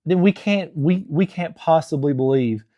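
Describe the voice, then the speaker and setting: Earnest young man, casual advice talk, mellow warm voice, dry close sound. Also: fairly high pitch, normal speed, no room sound, dull audio. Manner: earnest, rambling, many restarts and fillers. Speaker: Christian marriage vlogger.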